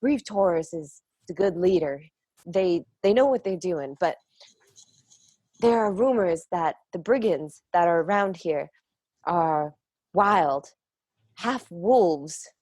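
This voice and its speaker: A woman's voice: on the low side, animated, slow, pauses often, a little mellow, breathy edge, dry recording, full character voice. A woman voicing a nervous adolescent messenger boy who speaks stiffly and eagerly in a tabletop game. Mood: hushed.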